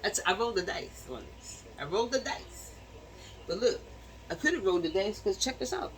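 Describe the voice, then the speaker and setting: A woman's voice: medium pitch, animated, fairly quick, far from the mic, a little hiss or hum, poor audio. Chatty slangy woman vlogging from home. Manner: chatty, slangy, laughs often. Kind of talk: casual chat to the camera. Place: home bedroom.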